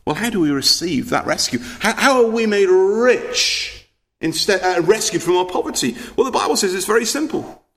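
A man's voice: high-pitched, expressive, normal speed, fairly bright tone. A man. He is earnest and emphatic, repeats words as he builds a point, and keeps asking the congregation rhetorical questions. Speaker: preacher. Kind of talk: sermon.

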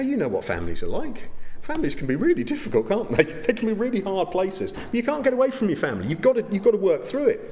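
A man's voice: a little high, darkish tone. A man, preaching a sermon as pastor of his church in an earnest, conversational way with asides.

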